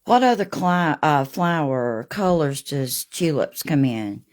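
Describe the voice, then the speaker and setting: A woman hosting a live painting demo, chatting warmly with viewers by name as she works. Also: sits low, animated, takes it slowly. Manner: homey and gushing, talks to viewers by name.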